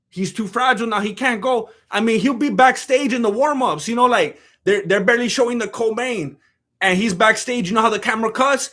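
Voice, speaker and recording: Bright-voiced, animated young man commentating. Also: extremely high pitch. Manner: animated, slangy, repeats himself. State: throat giving out. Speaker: YouTube MMA commentator. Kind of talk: casual commentary reading chat.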